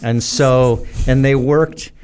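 An American man telling rambling, animated stories as a podcast guest, with many fillers. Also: medium pitch, takes it slowly, smooth. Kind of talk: casual storytelling in a podcast interview.

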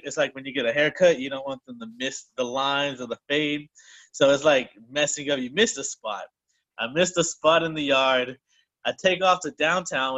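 A man with a bright, forceful voice tells a story in a loose, rambling way, a little short of breath, often restarting his sentences. The sound is dull and lo-fi, like audio from a call. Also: medium pitch. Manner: loose, rambling, self-correcting. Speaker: group call participant. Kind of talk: casual personal storytelling.

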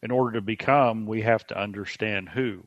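A man speaking as a podcast guest, explaining coaching ideas in a measured way. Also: on the low side, steady tone, no echo, dull audio. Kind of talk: podcast conversation.

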